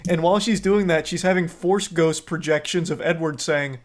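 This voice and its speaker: A man's voice: a little high, moderate pace, few pauses. A man streaming, casually recapping a movie and chatting with viewers in a rambling, joking way. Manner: rambling recap with crude jokes. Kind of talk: casual chat.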